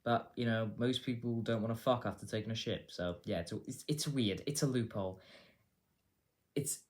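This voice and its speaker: A man's voice: mid-range voice, moderate pace. A man hosting a casual news commentary show, rambling and swearing with a sarcastic edge. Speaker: host.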